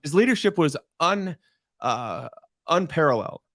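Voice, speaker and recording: Impassioned storytelling man, slightly high voice. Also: expressive, fairly bright tone, no room sound, studio quality. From Michigan, USA. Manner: impassioned, dramatic pauses, repeats for emphasis. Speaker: podcast guest. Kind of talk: emotional storytelling in conversation.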